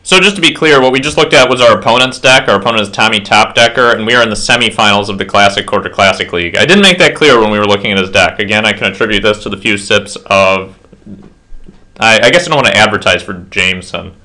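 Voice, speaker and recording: A man's voice: on the low side, fast talker, bright, forceful tone. A slightly tipsy man casually commentating his own card game match at home, rambling with self-deprecating asides.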